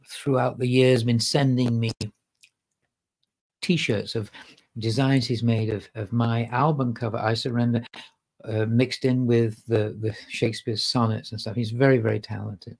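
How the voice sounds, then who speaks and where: A man, a guest musician, telling animated anecdotes in a casual podcast chat. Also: mid-range voice, measured pace, gravelly. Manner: animated storyteller, acts out quotes. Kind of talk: anecdotal storytelling.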